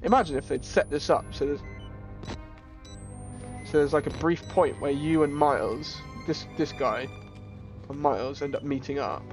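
Excitable gamer. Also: male voice, on the high side, normal speed, long pauses, music in the background. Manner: excitable, jokey, yelps and laughs. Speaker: streamer. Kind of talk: gaming commentary.

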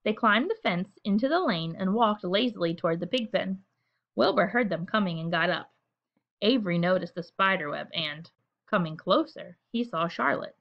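A woman reading a children's storybook aloud at bedtime, gentle and expressive, with chatty asides. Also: mid-range voice, normal speed, creaky, highs cut off.

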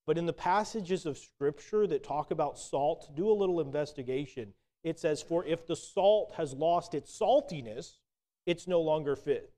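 A man preaching a sermon in a relaxed, conversational storytelling way, with some hesitant restarts. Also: a little high, normal speed.

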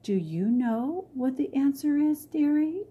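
A woman's voice: high voice, lively intonation, unhurried, mellow, pitched above the performer's own voice. A woman reading aloud voices a kindly, motherly fairy in a storybook, reciting in a sing-song rhythm. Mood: playful.

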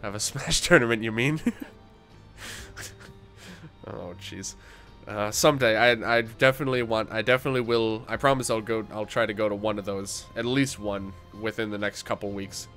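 A man's voice: fairly low pitch, normal speed, a bit bright, faint music behind. A young man livestreaming a game while sick and tired, chatting casually with viewers, with frequent fillers, restarts and the odd voice crack. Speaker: gaming livestreamer.

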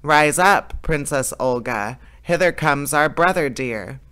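A man reading as an eagle turned into a brave young man in a fairy tale, calling out eagerly and raised. The voice is bright and crisp. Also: a little high, animated, takes it slowly, full character voice. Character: eagle turned brave youth, male, welcoming.

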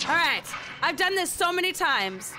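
A woman's voice: very high voice, big pitch swings, moderate pace. A woman playing a horror game and commenting, frightened, repeating herself and swearing. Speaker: gamer. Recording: noisy with game sound behind.

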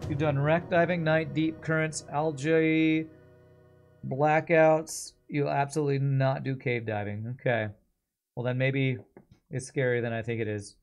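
A man's voice: medium pitch, little pitch movement, a little slow, soft background music. A man casually commenting while streaming a video game, thinking aloud and laughing easily.

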